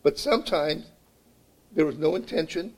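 A man preaching a sermon as pastor, often pausing to ask "okay?" and repeating words as he builds a point. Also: fairly high pitch, animated, rough recording. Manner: repeats "okay?" to check in with listeners.

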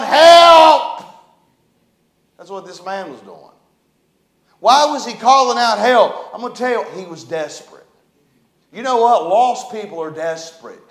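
A man preaching a sermon as pastor, telling stories and acting out scenes with shouts. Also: high voice. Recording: echoey church room.

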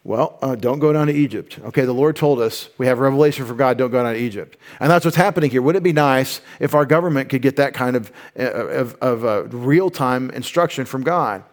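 A man's voice: medium pitch, fairly quick, few pauses. A man giving a conversational Bible teaching, informal and explanatory, with frequent asides and restarts.

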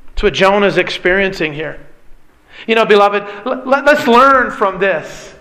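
Bright high-voiced man preaching earnestly. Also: a little slow. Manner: earnest preaching, emphatic, addresses listeners as beloved. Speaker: pastor. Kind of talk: sermon.

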